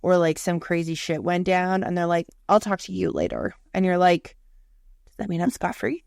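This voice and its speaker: A woman's voice: fairly low pitch, fairly even intonation, normal speed, vocal fry, darkish tone, no room sound, studio quality. A young woman co-hosting a podcast in casual chat, blunt and profane, often acting out what coworkers say. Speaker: podcast co-host.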